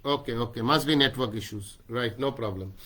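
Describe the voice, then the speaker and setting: A man's voice: mid-range voice, a little fast, fairly bright tone. A man teaching grammar in an online class over a video call, mixing in Hindi and often checking "right?". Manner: mixes Hindi into English, keeps asking "right?". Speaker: English teacher.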